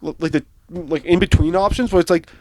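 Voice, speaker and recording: A man co-hosting a podcast, chatting casually in an animated way, laughing often and swearing freely. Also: a little high, brisk. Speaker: podcast co-host. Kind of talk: casual chat.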